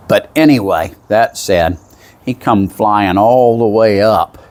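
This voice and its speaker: Man, Southern accent, very low voice, folksy rambling storyteller, casual talk. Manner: folksy, meandering, with frequent asides. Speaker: vlogger.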